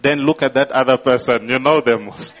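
A man's voice: medium pitch, a little fast. A man preaching a sermon as pastor, prompting the congregation and rising into emphatic bursts.

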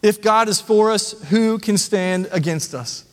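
A man's voice: high-pitched, measured pace, long reverb tail. A man preaching a sermon as the pastor, earnest and conversational, asking the congregation rhetorical questions. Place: church sanctuary.

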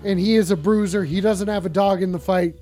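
A man's voice: high-pitched, fairly even intonation, a little fast, warm tone, faint music behind. A man hosting a casual call-in stream, rambling and joking with lots of swearing. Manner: profane, rambling, jokey. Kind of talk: casual crude call-in show.

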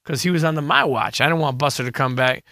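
A man's voice: on the high side, fast, vocal fry, crowd noise. A man hosting a podcast interview, telling loose stories full of slang and profanity. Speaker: podcast host. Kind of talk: casual interview chat.

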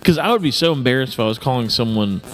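A man's voice: mid-range voice, expressive, fast. A man hosting a casual podcast, chiming in with jokes. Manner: joking, chiming in. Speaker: podcast host. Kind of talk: casual chat.

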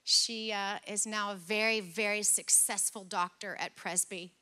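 Animated, bright-voiced woman pastor preaching. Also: mid-range voice, a little slow. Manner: animated, acts out dialogue in stories. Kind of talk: sermon with personal storytelling. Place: church service.

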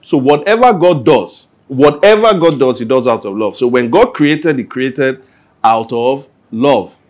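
An animated, unhurried man with a medium-pitched, darkish voice responds to questions at a church Q&A. He talks conversationally, playing out everyday scenes with little quoted voices.

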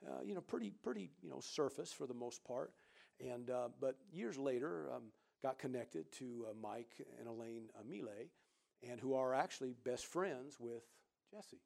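A middle-aged man, preaching and telling a lively personal story, acting out other people's voices. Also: medium pitch, gravelly. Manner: animated storyteller who acts out quoted voices loudly. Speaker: pastor. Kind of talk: sermon storytelling.

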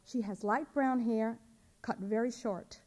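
A woman with a fairly high, darkish voice plays an anxious young mother searching for her missing daughter. She speaks unhurriedly and steadily, asking polite, pleading questions.

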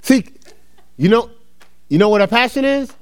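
Here a middle-aged man from New Jersey preaches with a very high-pitched, smooth, animated voice at a normal pace. The sermon comes across as a laid-back personal story, with plenty of laughter and the crowd addressed as y'all.

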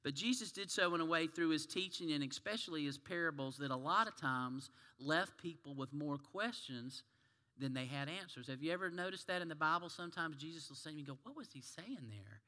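Folksy preacher in a reverberant hall. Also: male voice, on the high side, sharp tone. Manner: folksy, conversational storytelling. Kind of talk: sermon.

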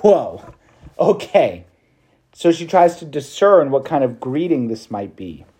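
A man's voice: medium pitch, sing-song, measured pace, mellow, slightly rough. A male priest preaching a meditation to students in a casual, chatty way, with slang and laughter.

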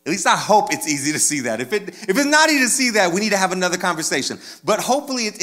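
A man preaching a sermon in a loose, conversational way, with casual slang and lively swings in energy. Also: high-pitched, fast, hardly any pauses. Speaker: pastor.

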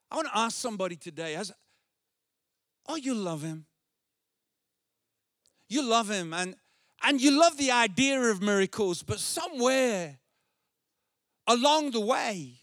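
Male pastor, drawn-out sermon delivery, earnest, escalates to shouts. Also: high voice, sing-song, no room sound, studio quality. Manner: earnest, repeats phrases, builds to shouted emphasis.

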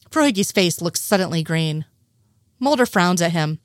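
A woman reading a story aloud, voicing the characters' dialogue with shifts in pitch. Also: animated, moderate pace, no echo, studio quality. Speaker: reader. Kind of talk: audiobook reading of fan fiction.

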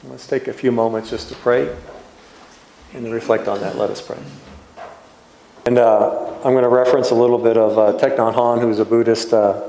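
A man, a pastor, giving a reflective sermon in a gentle, unhurried way with soft trailing pauses. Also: medium pitch, fairly even intonation, gravelly, slight background noise. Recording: echoey room.

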